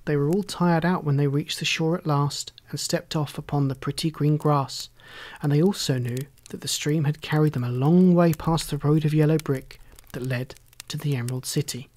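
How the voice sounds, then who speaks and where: A storyteller reading a classic children's tale aloud in a measured, gentle way. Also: medium pitch, fairly even intonation. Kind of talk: scripted storybook narration.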